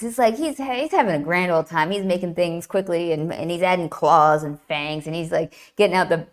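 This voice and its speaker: A woman with a slightly low voice tells an old myth with lively enthusiasm. She restarts her phrases as she goes. Her delivery is conversational and animated. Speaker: guest, classics writer.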